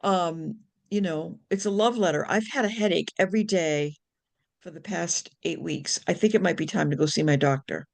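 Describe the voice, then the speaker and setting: A woman nurse chatting on a video call with friends, animated, acting out inner voices, with many restarts and casual swearing. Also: fairly low pitch, normal speed, gravelly. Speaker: nurse, book club member.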